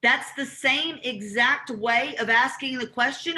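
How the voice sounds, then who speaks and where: With a high-pitched voice and a slightly slow delivery, a woman with a Southern accent hosts a live real estate training call. She animatedly performs both sides of the cold calls.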